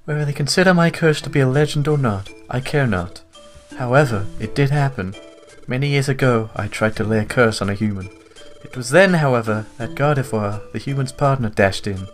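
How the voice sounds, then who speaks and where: A man voicing an ancient, grave fox spirit in a deliberately deep, solemn, measured voice. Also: expressive, soft background music, natural voice.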